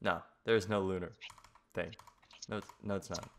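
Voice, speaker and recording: A man's voice: deep voice, steady tone, normal speed, fairly bright tone, slight background noise. A young man hosting his own channel, joking and teasing friends in casual gaming chat over voice call. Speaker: channel host.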